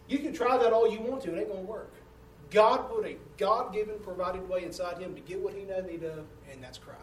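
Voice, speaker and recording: High-voiced preacher in an echoey church. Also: male voice, fairly quick, slight background noise. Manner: folksy storytelling, swinging from loud to hushed. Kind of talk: sermon. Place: church sanctuary. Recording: echoey room heard from a distance.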